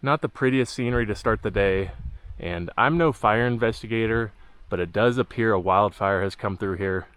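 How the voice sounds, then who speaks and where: A man narrating his long-distance hike in a dry, deadpan vlog style, delivering jokes flatly. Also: lowish voice, normal speed, clean tone, no echo. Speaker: hiking vlogger. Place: outdoors on a mountain trail.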